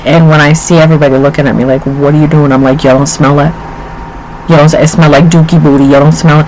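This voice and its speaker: A woman in her forties co-hosts a casual podcast chat as an animated storyteller, acting out the quotes of people in her stories. Her voice sits low and moves at a quick pace. The recording is rough, with slight background noise.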